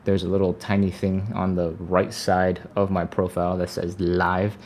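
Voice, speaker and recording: Man, stretching coach, lowish voice, chatty, upbeat, faint room noise behind. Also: monotone, normal speed, darkish tone. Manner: upbeat and chatty, sighs and laughs between cues. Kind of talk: live workout instruction.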